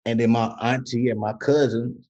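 This podcast guest, an actor and comedian, has a mid-range voice at normal speed, heard through a muffled recording. Telling casual stories with animated energy, he slips into voices to quote people and laughs partway through his tales.

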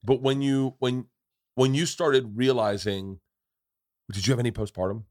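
A man in his forties hosting a podcast and telling stories in a profane, animated way, acting out the quotes. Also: medium pitch, normal speed, no echo, clean studio sound. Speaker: podcast host. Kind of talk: casual chat, storytelling.

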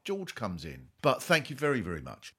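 A man hosting a comedy podcast, delivering dry mock-serious monologues and dropping his voice low for jokes. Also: huge pitch swings, normal speed, bright, forceful tone, slightly rough.

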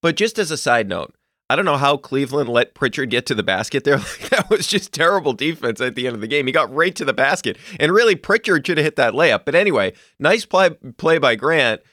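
A man hosting a sports podcast, ranting in an animated, emphatic way with occasional swearing. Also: medium pitch, brisk, no echo, clean studio sound. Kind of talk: solo sports commentary.

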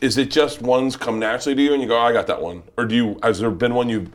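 A man hosting a casual comedic podcast, excitable and laughing often. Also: mid-range voice, quick pace. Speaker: podcast host.

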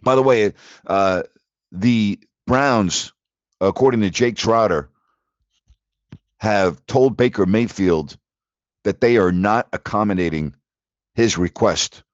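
A man's voice: fairly low pitch, slow pace, long pauses, no room sound, highs cut off. A man hosting a sports talk show, ranting in disbelief about the latest league news. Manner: animated, incredulous ranting. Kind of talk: sports talk radio monologue.

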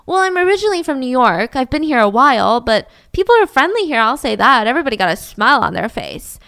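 A woman's voice: sits high, sing-song, quick pace, gravelly, fairly bright tone, no echo, studio quality, exaggerated voice. A woman voicing a cautious young woman who answers a stranger politely and hesitantly. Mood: chatty.

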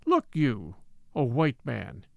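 A man voicing a patient old native man who tells his story slowly and solemnly in formal, old-fashioned speech. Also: medium pitch, wildly swooping pitch, creaky, dry recording, highs cut off, pitched below the performer's own voice, heavily acted.

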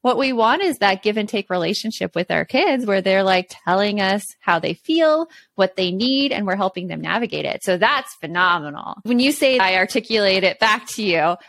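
A woman's voice: mid-range voice, a bit bright. A woman co-hosting a casual parenting chat, earnestly explaining tips and laughing easily. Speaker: podcast co-host.

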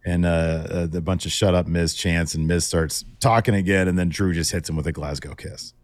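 A man's voice: low-pitched, normal speed, no echo. Casual man animatedly recapping wrestling. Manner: animated, acts out quoted lines in raised voice. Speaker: podcast co-host.

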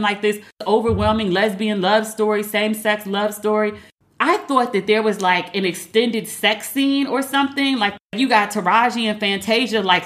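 Speaking in a mid-range, fairly bright voice, a woman hosts a casual solo podcast monologue. She talks emphatically and acts out both sides of a conversation with a friend.

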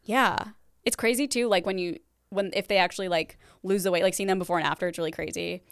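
A young adult woman from the Midwest, co-hosting a podcast in casual chat, full of "like" fillers and quick laughs. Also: on the low side, fairly even intonation, gravelly, clean tone, no room sound, clean studio sound. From American Midwest. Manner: chatty, many "like" fillers, laughs often. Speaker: podcast co-host.

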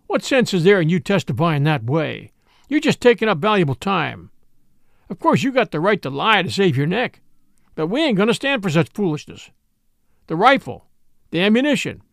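A man's voice: high voice, sing-song, normal speed, gravelly, dry recording, clean studio sound, exaggerated voice. A man voicing an angry, domineering miners' judge from the frontier, talking in a folksy, bossy way. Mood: indignant. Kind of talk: audiobook character voice.

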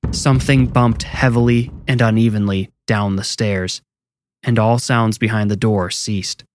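A man narrating a scripted first-person horror story in a measured, low-key way. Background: music.

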